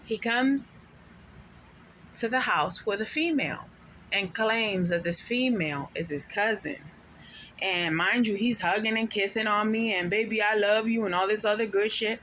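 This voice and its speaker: A mother of five tells a personal story to camera, venting in a profane, emphatic way and now and then dropping Spanish slang words. Her medium-pitched voice is fairly bright and measured, with slight background noise.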